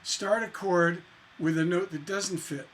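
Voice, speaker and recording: A man teaching songwriting in a relaxed, chatty way, playing guitar and humming bits of melody as he explains. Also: sits high, a little slow, a little hiss or hum. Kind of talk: casual music lesson with guitar. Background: acoustic guitar.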